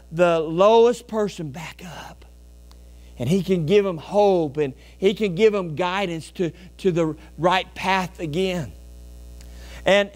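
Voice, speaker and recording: High-voiced man preaching a folksy sermon. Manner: folksy, animated preaching with rhetorical questions to the congregation. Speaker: pastor. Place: church sanctuary.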